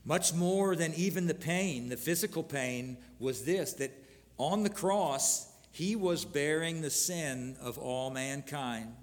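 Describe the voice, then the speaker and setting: A man preaching a sermon, earnestly reading scripture aloud with pauses and restarts. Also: on the high side, in a large hall. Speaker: pastor.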